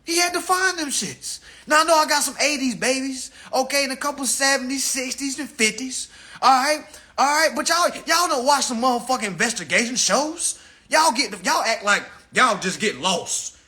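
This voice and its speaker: A man in his thirties hosting a live stream. He lectures his audience in a profane, preachy and animated rant. His voice is high-pitched and bright. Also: moderate pace. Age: 30s.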